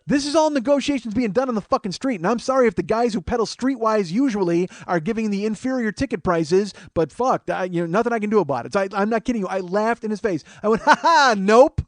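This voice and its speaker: Comedian, man, fairly high voice, animated and profane storyteller, dry mic. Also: fast, hardly any pauses, no room sound. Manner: animated, swearing, exasperated. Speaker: comedian host. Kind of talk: comic storytelling monologue.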